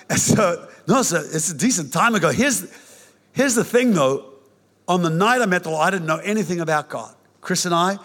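An older man preaching a sermon, telling his own conversion story in an animated, joking way with many restarts. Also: a little high. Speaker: pastor. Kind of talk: sermon with personal testimony. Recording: reverberant hall.

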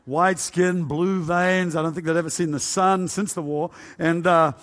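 A man delivers a humorous testimony sermon, spinning his story with self-mocking exaggeration and plenty of hesitant uhs. His voice sits a little high for a man. It rings out with a long reverb, as in a large hall. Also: steady tone, normal speed, a bit bright. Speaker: preacher giving testimony.

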